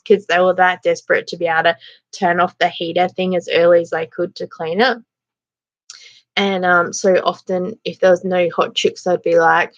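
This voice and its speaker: An Australian woman hosting a casual live chat, chatty and quick to laugh, reading out viewer comments. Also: fairly low pitch, fairly even intonation, dull audio. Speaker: livestream host.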